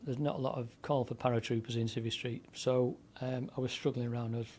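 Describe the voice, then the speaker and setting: This is a seventy-something man, a former DJ, spinning his life story for a podcast interviewer. His voice sits in a mellow, dark register at an ordinary pitch. He wanders through anecdotes with fillers and restarts. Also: fairly even intonation, fast. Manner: rambling anecdotal delivery with frequent fillers and restarts. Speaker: guest, former DJ and broadcaster. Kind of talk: conversational storytelling.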